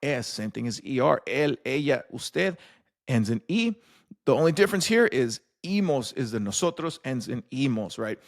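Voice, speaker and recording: A man's voice: medium pitch, lively intonation, moderate pace. A young man hosting a casual Spanish lesson, joking loosely with many fillers and restarts. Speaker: Spanish teacher and host.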